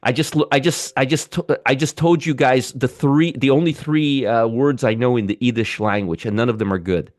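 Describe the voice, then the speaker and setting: A man's voice: mid-range voice, normal speed, few pauses. A man hosting live market commentary, ranting sarcastically and muttering over charts as he reads them.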